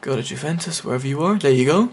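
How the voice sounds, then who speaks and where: A man's voice: medium pitch, lively intonation, rapid-fire, vocal fry, a little hiss or hum. A man giving casual, chatty commentary over a game walkthrough, explaining each step with many fillers. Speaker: gaming video creator.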